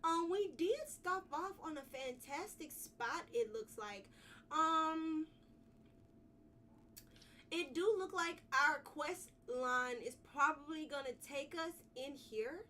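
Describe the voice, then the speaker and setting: A woman's voice: high voice, slow, sharp tone, recorded from a distance, a little hiss or hum. A woman live-streaming a video game, chatting casually and bubbly, repeating her phrases as she greets viewers. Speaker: livestreamer.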